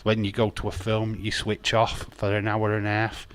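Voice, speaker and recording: A man's voice: on the low side, completely flat delivery, normal speed, fairly bright tone. A man chatting casually on a wrestling watch-along stream, rambling and blunt, with frequent laughs. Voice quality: rambling, blunt, repeats words, laughs often. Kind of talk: casual live-stream chat.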